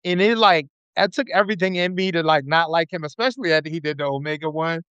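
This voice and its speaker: A man's voice: fairly high pitch, fast, a bit bright, smooth, no room sound, lo-fi sound. A man chatting as a podcast guest, telling loose, slangy, profane stories. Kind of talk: casual chat.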